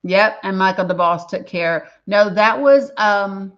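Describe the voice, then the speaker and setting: Reading out names from her chat, a livestream host talks with earnest emotion in a casual stream. She has a mid-range, fairly bright voice and an unhurried pace, captured in slightly dull lo-fi audio.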